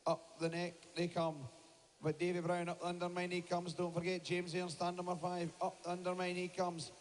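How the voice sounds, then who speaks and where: A man's voice: high-pitched, monotone, a little fast, a little hiss or hum. A man giving live play-by-play commentary on a shearing contest over a PA system in a large hall, urging the crowd to cheer.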